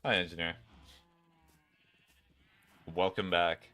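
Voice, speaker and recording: A man's voice: deep voice, fairly even intonation, takes it slowly, sharp tone. A man streamer chatting casually while playing a game, rambling and talking to his viewers. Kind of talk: casual gameplay chat.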